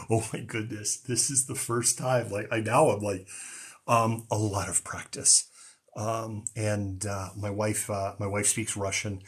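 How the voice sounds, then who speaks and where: A man with a lowish, slightly rough voice speaks in a level tone at a measured pace. A news show host running a live stream, he talks casually with many ums and restarts, in a mostly General American accent with a slight Boston tinge.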